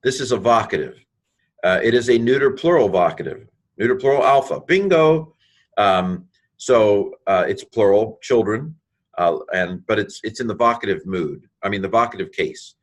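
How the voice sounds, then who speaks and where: A man's voice: on the low side, animated, normal speed. A man teaching a recorded lesson on Greek grammar over slides, thinking aloud, correcting himself and making playful asides.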